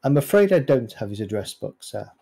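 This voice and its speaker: A man's voice: medium pitch, very animated, a little fast, gravelly, mellow, breathy edge, faint music behind, exaggerated voice. A man voicing a big, burly male gatekeeper with a Mexican accent, who speaks with stiff, formal courtesy in a tabletop game. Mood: cold polite.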